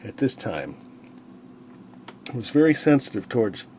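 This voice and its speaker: A man's voice: mid-range voice, a little slow, slight background noise. Rambling man musing on scripture. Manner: rambling, animated, lots of "you know", acts out quotes. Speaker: Bible study speaker. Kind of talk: casual Bible reflection.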